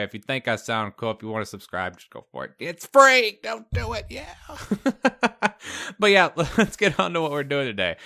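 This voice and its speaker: Chatting through a casual let's play, a young man thinks aloud in an upbeat way, peppering his talk with fillers and laughs. His pitch is fairly high with a fairly bright tone, and a Southern US accent barely shows through.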